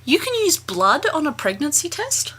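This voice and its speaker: A woman's voice: high-pitched, wildly swooping pitch, normal speed, fairly bright tone. A woman co-hosting a casual podcast, sarcastic and swearing freely as she chats and reads aloud from a book. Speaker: guest co-host.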